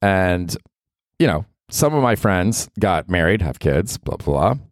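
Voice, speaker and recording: A man's voice: low voice, sing-song, a little slow, dry recording, clean studio sound. A man in his forties hosting a podcast, chatting casually in a profane, rambling way and laughing often. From US South. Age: 40s. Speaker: podcast host. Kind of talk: casual solo podcast chat.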